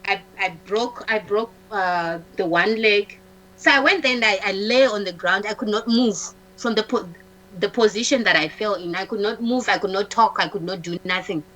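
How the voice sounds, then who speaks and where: A woman, a talk-show guest, telling a personal story in a halting way, restarting often, repeating words and acting out what others said. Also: medium pitch, bright, forceful tone, rough recording. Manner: acts out the dialogue of others in her story.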